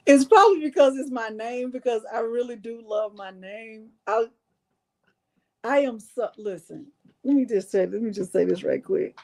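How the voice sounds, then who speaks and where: A woman's voice: on the high side, moderate pace, a little mellow. A woman hosting a live crafting stream, chatting with her viewers in a playful, self-mocking way. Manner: chatty, talks straight to viewers. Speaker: crafting channel host.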